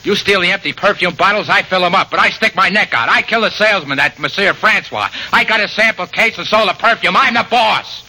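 An actor playing a menacing, murderous crook who sneers and bosses in 1940s radio acting, on a hissy old recording. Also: male voice, high voice, a little fast, hardly any pauses, bright, forceful tone, exaggerated voice, poor audio. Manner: sneering, domineering.

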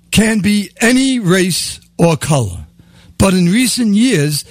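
A man's voice: high-pitched, sing-song, slow pace, dry recording. An older American man hosting a call-in talk radio show, delivering a sarcastic monologue full of chuckles and wry asides. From United States.

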